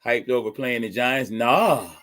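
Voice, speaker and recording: A young man hosting a live stream, reacting to a game as it plays and talking to his chat with excitement and laughs. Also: medium pitch, unhurried. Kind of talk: live fan commentary on a game.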